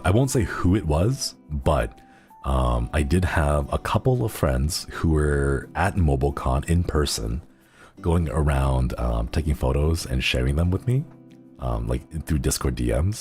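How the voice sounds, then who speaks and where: A young man with a very deep voice chatting casually on a livestream, rambling and giggling as he jumps between thoughts. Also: expressive, unhurried, a little mellow, faint music behind. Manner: rambling, giggly, easily sidetracked. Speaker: streamer.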